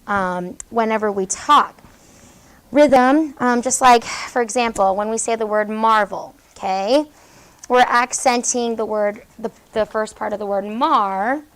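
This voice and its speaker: A woman teaching a high school English class, brisk and encouraging, questioning students as she goes. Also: poor audio. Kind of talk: classroom lesson.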